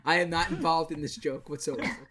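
A man's voice: on the high side, steady tone, brisk, a loud crowd. A man co-hosting a podcast, quoting statistics and adding wry jokes. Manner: stat-quoting, wry humor. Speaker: podcast co-host. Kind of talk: casual podcast chat.

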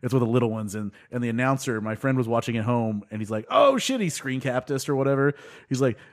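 A man in an easygoing podcast chat, telling stories that wander and restart as he goes. He laughs often, and his voice sits at an average pitch. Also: steady tone, fast, darkish tone. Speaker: podcast co-host. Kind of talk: casual chat.

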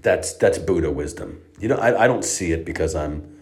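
A man's voice: sits low, expressive, moderate pace, a little mellow. A man telling a profane comic story in an exasperated, ranting way, with heavy swearing. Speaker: comedic storyteller.

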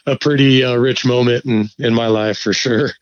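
A man spins a fishing yarn in an easygoing, profane, animated way. His voice sits at an ordinary pitch. The sound is slightly dull and very dry. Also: moderate pace, no echo. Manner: laid-back, profane, animated storyteller. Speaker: guest angler. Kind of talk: casual storytelling.

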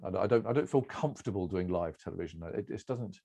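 A middle-aged man telling relaxed anecdotes as an interview guest, rambling and self-deprecating with restarts and chuckles. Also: low-pitched, quick pace, creaky, crowd noise. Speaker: cricket broadcaster, interview guest.

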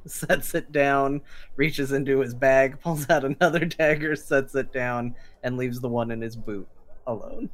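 A man playing a tabletop game, describing his character's actions step by step with amusement. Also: medium pitch. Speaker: player. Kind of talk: casual chat.

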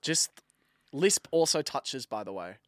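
A young man, co-hosting a podcast, teasing his friend and slowly dragging out riddle clues. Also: mid-range voice, sing-song, fairly bright tone. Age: young adult. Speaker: podcast co-host. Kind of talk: casual banter.

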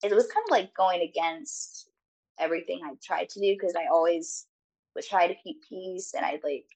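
A woman's voice: fairly low pitch, normal speed, a little mellow, poor audio. A young woman guest on a podcast, talking casually in a rambling, hesitant way with many fillers. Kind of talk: casual chat.

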